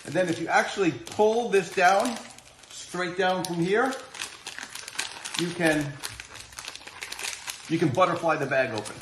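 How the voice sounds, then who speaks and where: A man's voice: sits high, a little slow, pauses often. A man playing a fussy snack reviewer. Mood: earnest. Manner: earnest, rambling, stumbles over words. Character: fussy adult male snack reviewer, earnest. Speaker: comedy sketch character reviewing candy. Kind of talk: mock product review. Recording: roomy echo, faint noise.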